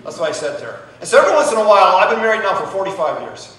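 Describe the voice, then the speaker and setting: Man in his 60s, pastor, storytelling sermon style with a sharp tone, distant and roomy convention-hall sound. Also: sits high, sing-song, very fast. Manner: storytelling, calling out "Amen?" to the congregation. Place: large echoing convention hall. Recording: echoey hall from far off.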